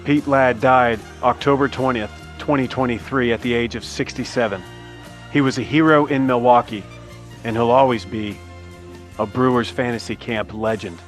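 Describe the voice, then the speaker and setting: A man narrating a scripted tribute in a measured, respectful way. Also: medium pitch, fairly even intonation, faint music behind.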